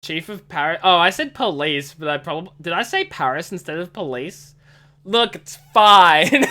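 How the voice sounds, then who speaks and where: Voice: mid-range voice, sharp tone. A game streamer chatting casually, giggly and self-mocking while playing. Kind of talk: casual gameplay commentary.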